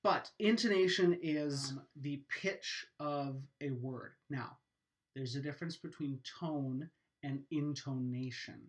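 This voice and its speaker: A man's voice: mid-range voice, slow. A man teaching a lesson, explaining patiently and methodically with occasional fillers. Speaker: educator. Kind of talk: explanatory lecture.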